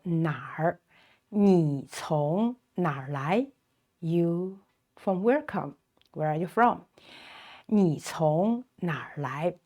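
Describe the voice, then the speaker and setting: Slow, patient Chinese-accented woman teacher. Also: fairly low pitch, darkish tone. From China. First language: Mandarin Chinese. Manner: patient, repeats phrases slowly for learners. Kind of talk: language lesson explanation.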